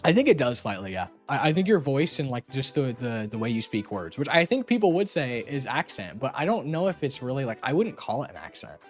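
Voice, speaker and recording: Teasing young streamer with a lively voice. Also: medium pitch, fairly quick, hardly any pauses, faint music behind. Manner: teasing, laughs often, swears casually. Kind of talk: casual stream chat.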